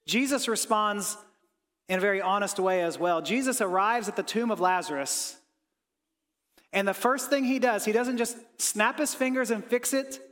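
A pastor preaching a sermon with earnest feeling, dropping soft on reflective lines and rising when he voices pleading prayers. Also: sits high, normal speed. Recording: long hall reverb.

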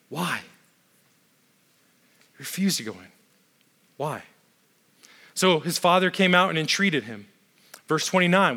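High-voiced preaching man in a reverberant hall. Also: pushed and bright. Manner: emphatic, repetitive, conversational asides. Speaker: pastor. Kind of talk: sermon.

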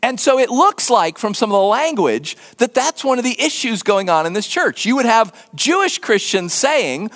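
Older male pastor, high lively voice, sermon in a reverberant sanctuary. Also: moderate pace, few pauses. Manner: animated, acts out quoted voices.

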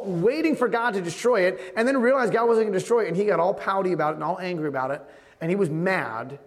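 A man preaching a sermon as pastor, telling stories in a conversational way and often dropping to a quiet voice. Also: high voice. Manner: conversational storytelling with sudden drops to quiet. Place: church sanctuary. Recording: long hall reverb.

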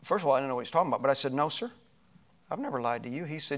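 A middle-aged male pastor telling a personal story in a sermon, animated and moving between loud passages and hushed ones. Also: medium pitch, rapid-fire.

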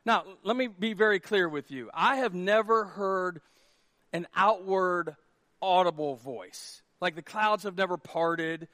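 A man preaching a sermon as pastor, lively and self-mocking, often acting out quotes. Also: high-pitched, measured pace, no echo, clean studio sound. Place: church worship hall.

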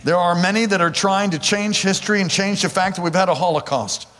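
A man's voice: sits high, brisk, in a large hall. A man preaching a sermon, telling a personal story and speaking directly to his congregation. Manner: animated, addresses congregation directly. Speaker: pastor. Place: large hall or church.

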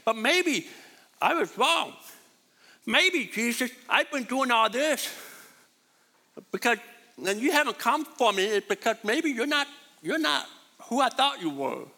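A man's voice: very high voice, big pitch swings, a little slow, pauses often, sharp tone, full character voice. A man voicing a doubting, aggrieved prophet in prison, asking pleading questions, in a reverberant hall.

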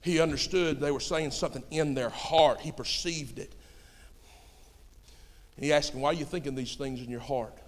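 A man preaching a sermon with folksy turns of phrase, swinging between shouting and hushed storytelling. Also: on the high side, moderate pace, pauses often. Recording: long hall reverb.

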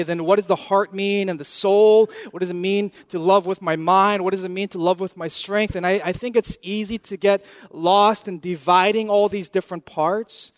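A man's voice: high voice, no echo, studio quality. A man in his thirties preaching a sermon in an earnest, conversational way, repeating key phrases and asking the listeners questions. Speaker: pastor.

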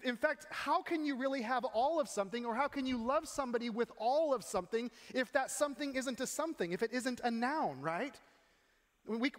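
A middle-aged man preaching a sermon in a church, talking in a conversational, animated way and often asking the congregation questions. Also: high voice. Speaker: pastor. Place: church sanctuary. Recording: long hall reverb.

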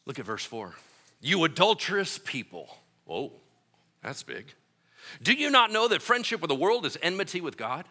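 Casting note: male pastor, young adult, lively sermon delivery, bright forceful tone, swings widely in pitch. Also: normal speed. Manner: animated, joking storyteller with voiced asides.

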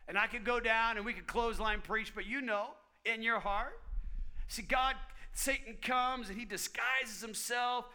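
A middle-aged man preaching a sermon, emphatic, repeating phrases and swinging from loud to whispers. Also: sits high, steady tone, a little slow.

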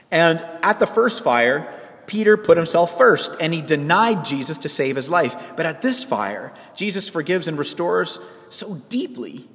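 A man pastor preaching a sermon in a church, lively and animated, putting on voices for the people he quotes. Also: long reverb tail. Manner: animated, acts out quoted voices with big pitch jumps. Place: church sanctuary.

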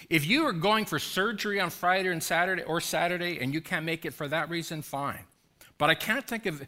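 A man's voice: fairly high pitch, bright, forceful tone. A man preaching a sermon as pastor, urging and pleading with his congregation through emphatic repeated questions.

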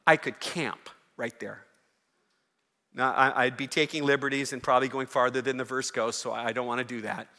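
Bright-voiced pastor preaching in a reverberant hall. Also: male voice, medium pitch, steady tone, normal speed. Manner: conversational asides that build to loud, fervent preaching. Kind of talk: sermon. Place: church.

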